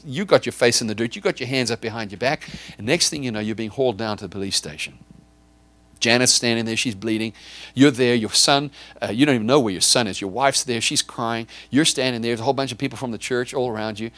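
A man's voice: medium pitch, fast, fairly bright tone, dry recording. Man, pastor, sermon, dramatic storytelling, repeats words, dry close sound. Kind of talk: sermon, vivid retelling.

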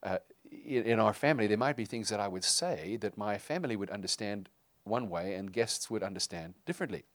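Middle-aged male pastor, sermon delivery, conversational and halting, low voice, dry recording. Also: animated, fairly bright tone, dry recording. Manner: conversational, with frequent fillers and restarts.

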